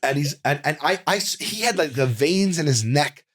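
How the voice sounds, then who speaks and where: A comedian telling an animated story in casual talk, with restarts and acted-out quotes, in a studio. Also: male voice, on the high side, normal speed, no echo. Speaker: comedian guest.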